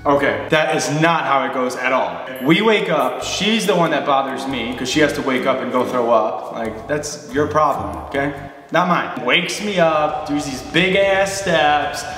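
A man's voice: medium pitch, measured pace, fairly bright tone. A young man vlogging in a mock reality-show confessional, indignant and mocking as he answers back. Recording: very echoey room, far from the mic, music behind.

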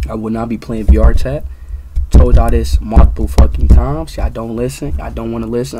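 A young man livestreaming, ranting loudly with heavy swearing and repeating himself over and over. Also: mid-range voice, a little hiss or hum. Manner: loud, profane, repetitive ranting. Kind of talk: angry livestream rant.

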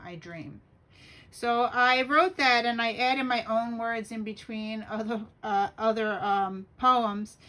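A middle-aged woman slowly reads her own poems aloud for a home video. Her voice sits in a middle pitch and she takes her time, tripping over a word here and there. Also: a bit bright, low-quality recording. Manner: slow, careful reading with small stumbles. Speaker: journaling vlogger.

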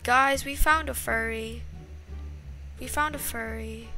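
A woman's voice: on the high side, takes it slowly, faint music behind. A young woman giving casual, dramatic gameplay commentary to her viewers. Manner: dramatic, excitable, talks to viewers as y'all. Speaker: gaming YouTuber.

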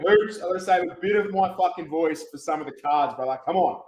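A man's voice: high-pitched, fast talker, noisy background. Hyped man hosting a livestream. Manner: boisterous, swearing, announcer-style hype. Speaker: livestream card-break host.

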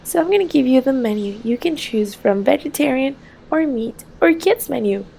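A woman's voice: sits high, animated, normal speed, creaky, dark tone, a little hiss or hum. A woman voicing a polite, helpful flight attendant in a toy-play story, with a courteous, service-like manner.

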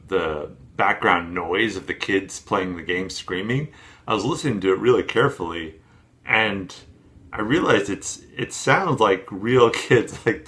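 A man hosting a reaction video, talking in a relaxed, rambling way and laughing often. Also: low voice. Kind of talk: casual commentary.

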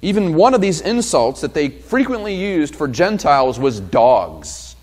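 A male pastor preaching an expository sermon, emphatic and passionate, building to loud peaks. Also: a little high, big pitch swings, measured pace, in a large hall. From New Hampshire.

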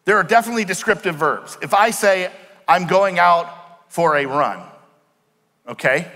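A man preaching a sermon as pastor, explaining words slowly and asking the congregation questions. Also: high voice, pushed and bright. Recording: long hall reverb.

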